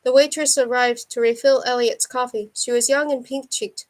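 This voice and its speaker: A woman's voice: fairly high pitch, steady tone, moderate pace. Woman reading a novel aloud. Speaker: audiobook reader.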